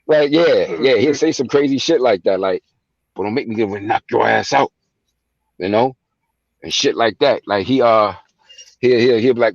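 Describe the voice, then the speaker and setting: A man's voice: medium pitch, normal speed, pauses often, no room sound, lo-fi sound. A man in casual livestream chat, telling loose stories full of slang and acting out quoted voices, talking over a phone. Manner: loose storytelling, acts out quotes, heavy slang. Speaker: guest, son of the movie's real subject. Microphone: phone over online stream.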